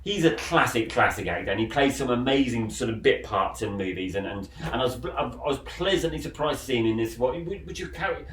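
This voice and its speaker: A man's voice: medium pitch, animated, fairly quick, few pauses, a bit bright. A man hosting a film podcast, retelling a plot in a rambling way with many restarts. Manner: rambling, repeats words and restarts. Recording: roomy, distant mic with faint noise.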